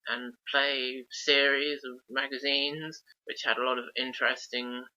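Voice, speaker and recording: A man's voice: mid-range voice, little pitch movement, unhurried, bright, forceful tone, highs cut off. A man hosting a casual podcast, chatting enthusiastically and listing things off. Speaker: podcast host.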